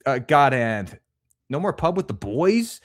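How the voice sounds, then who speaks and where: A man's voice: medium pitch, very animated, a little slow, dry recording, studio quality. A man co-hosting a casual livestream, reading chat comments aloud and joking crudely. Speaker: podcast co-host.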